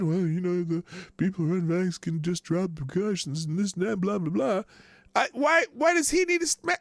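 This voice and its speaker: A man hosting a casual live news stream, mocking the headlines with sarcastic asides, laughing often and jumping from loud outbursts to low mutters. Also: dry recording.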